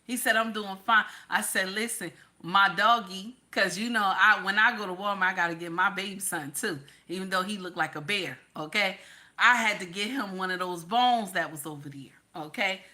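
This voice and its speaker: Blunt, profane woman ranting with a bright voice. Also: medium pitch, moderate pace. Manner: blunt, profane, repeats lines for emphasis. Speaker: commentary channel host. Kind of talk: casual ranting commentary.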